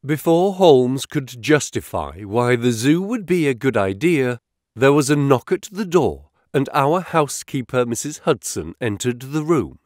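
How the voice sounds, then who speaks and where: A male audiobook narrator telling a first-person detective tale in a slow, measured way. His voice rises and falls freely, and the sound is dry and close, with no room echo. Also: mid-range voice. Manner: measured, expressive reading.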